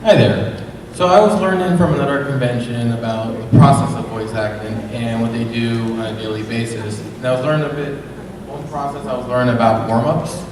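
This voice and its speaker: A man's voice: mid-range voice, brisk, noisy background. A man from the audience asking voice actors a friendly, slightly rambling question. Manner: friendly, curious, a bit rambling. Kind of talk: convention Q&A question. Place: large convention hall. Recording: echoey hall from far off.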